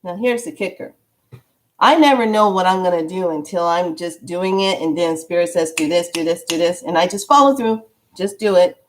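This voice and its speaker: Animated woman telling a spiritual story. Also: lowish voice, normal speed. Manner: animated, acts out dialogue in a storytelling way. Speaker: spiritual vlogger.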